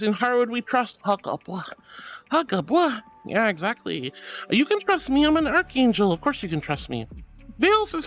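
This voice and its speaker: High-voiced man, affectionate streamer. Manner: affectionate, calls viewers sweetie and honey; gentle, soft-spoken, hesitant fillers. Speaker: VTuber streamer. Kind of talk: casual livestream chat reading.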